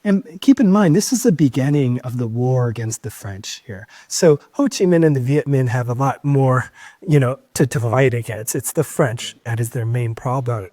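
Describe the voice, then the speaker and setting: A podcast co-host with a mid-range, dark-toned voice explains history in an animated, emphatic lecture at a moderate pace. He often pauses to stress key points, with frequent "keep in mind" asides, and the recording has no room sound.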